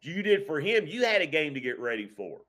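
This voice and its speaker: A man's voice: on the high side, very animated, a little fast, fairly bright tone. Earnest man telling a heartfelt story. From Kentucky. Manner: reflective, earnest storytelling with many restarts. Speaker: high school football coach. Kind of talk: casual podcast talk.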